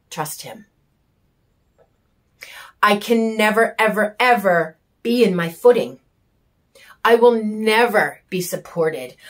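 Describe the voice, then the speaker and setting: A woman giving an emotional personal monologue, raw and intense, with bitter sarcasm, frequent swearing and emphatic repetition. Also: medium pitch. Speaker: vlogger sharing her story.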